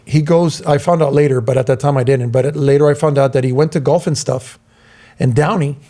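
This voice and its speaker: A man's voice: mid-range voice, brisk. A middle-aged man from Southern California casually telling a long story on a podcast, acting out the voices of the people in it. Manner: animated, acts out quoted voices. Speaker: podcast co-host.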